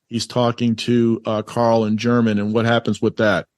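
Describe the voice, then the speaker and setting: A man's voice: medium pitch, flat delivery, moderate pace, no room sound. A man co-hosting a podcast, chatting about a movie in a rambling, enthusiastic way. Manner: rambling, enthusiastic, lots of fillers. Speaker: podcast co-host. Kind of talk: casual movie chat.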